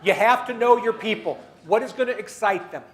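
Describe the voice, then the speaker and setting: A man's voice: high-pitched, a little fast. A man delivering a keynote speech at a dinner meeting, telling stories and leading the audience through exercises. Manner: acts out quoted people in his stories. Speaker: keynote speaker.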